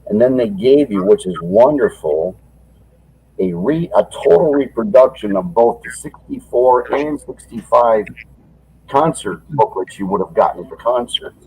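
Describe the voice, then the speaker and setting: A collector from Michigan, United States, rambles enthusiastically on a casual video call while showing off a collector's item, getting short of breath when he talks long. His mid-range voice is expressive, unhurried, warm and husky, and the recording is rough.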